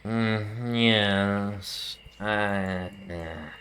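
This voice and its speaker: Low-voiced man running a tabletop game. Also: measured pace, a little hiss or hum. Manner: casual, jokey narration that slips into characters' voices. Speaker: game master.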